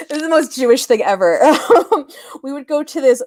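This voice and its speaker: A woman's voice: sits high, sing-song, a little slow, darkish tone. A young woman chatting casually on a livestream, telling stories and laughing often.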